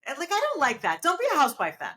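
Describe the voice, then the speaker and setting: A woman's voice: high-pitched, wildly swooping pitch, very fast, pushed and bright. A woman co-hosting a podcast in casual chat, making emphatic points and repeating them. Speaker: podcast co-host.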